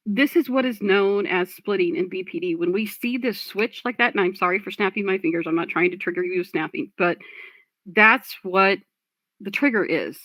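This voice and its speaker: A woman's voice: medium pitch, fairly bright tone, no room sound. A woman streamer commenting on a clip, blunt and profane, lecturing her chat.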